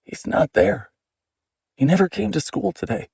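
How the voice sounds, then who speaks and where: A man's voice: high voice, animated, moderate pace, vocal fry, a little mellow, slightly rough, dry recording, highs cut off, voice pushed up, heavily acted. A man voicing a worried male teacher colleague in an earnest, urgent tone for an audiobook.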